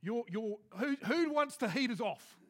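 High-voiced man preaching with jokes. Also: measured pace. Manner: lively, joking, conversational preaching. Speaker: pastor. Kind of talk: sermon. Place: church hall with a congregation.

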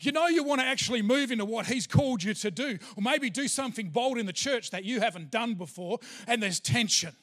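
A man's voice: extremely high pitch, expressive, a little fast, few pauses, fairly bright tone. A man, a pastor giving a sermon and telling a personal story in a chatty way with lots of fillers.

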